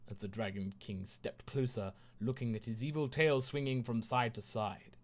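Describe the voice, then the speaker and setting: A man reading a fan fiction story aloud in a quiet, halting way, stumbling over words. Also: mid-range voice. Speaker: reader.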